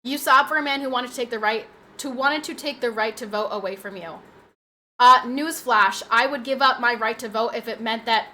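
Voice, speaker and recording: A woman's voice: a little high, normal speed, bright, forceful tone. A young adult woman streaming from home, chatting casually with her viewers, full of fillers and restarts. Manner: chatty, talks straight to chat with fillers and restarts. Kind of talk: casual live-stream chat.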